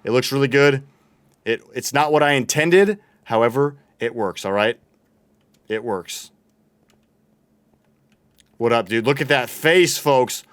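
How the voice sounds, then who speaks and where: Young male streamer, casual chatty delivery, mid-pitched and resonant, close and dry. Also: a little slow, pauses often, smooth, no room sound. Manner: chatty, reads chat aloud and thanks followers. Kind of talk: casual livestream chat while gaming.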